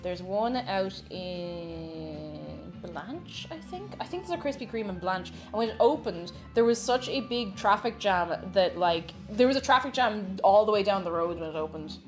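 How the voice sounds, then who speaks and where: A woman's voice: mid-range voice, lively intonation, moderate pace, over music. A woman chatting casually while she cooks on a live stream, giggly and talkative, reading out chat messages. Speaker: cooking streamer.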